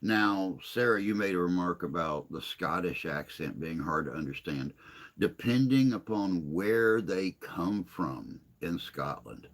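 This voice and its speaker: A man hosting a casual livestream chat, answering viewer comments in a rambling, hesitant way with long pauses. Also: low-pitched, animated. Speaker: livestream host.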